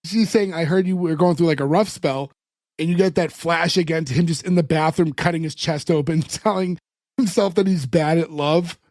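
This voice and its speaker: A man's voice: fairly high pitch, normal speed, no echo, studio quality. A man co-hosting a podcast, retelling a show's scenes with lots of "like" and acting out the characters' lines. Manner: animated retelling, acts out characters' lines, fillers like "like". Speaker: podcast co-host recapping an episode. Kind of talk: casual chat.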